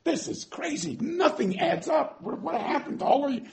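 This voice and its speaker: A man's voice: very high voice, lively intonation, normal speed, creaky, a little mellow, pitched above the performer's own voice, exaggerated voice. A man doing a sarcastic, incredulous young hero. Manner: sarcastic, incredulous, stammering repeats. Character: exasperated skeptical young male biblical hero.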